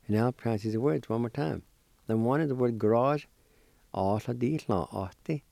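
A man teaching a language lesson, spelling and pronouncing words slowly, letter by letter, and encouraging his listeners. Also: mid-range voice, vocal fry, warm tone, no echo. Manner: slow, deliberate, spells letter by letter. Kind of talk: slow spelling and pronunciation lesson.

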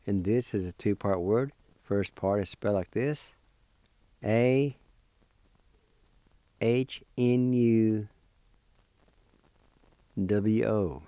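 A man teaching a language lesson, spelling and pronouncing words slowly, letter by letter, and encouraging his listeners. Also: fairly low pitch, dark tone, dry recording. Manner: slow, deliberate, spells letter by letter. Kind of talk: slow spelling and pronunciation lesson.

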